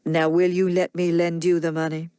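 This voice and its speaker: A woman voicing a smooth, crafty grown man who coaxes and persuades without hurrying. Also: on the low side, level tone, normal speed, mellow, dry recording, natural voice. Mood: persuasive.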